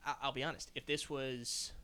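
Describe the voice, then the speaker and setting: Bright-voiced man chatting casually. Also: medium pitch, level tone, moderate pace, clean tone. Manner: rambling, full of restarts and "like, right?". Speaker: podcast co-host. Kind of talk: casual chat.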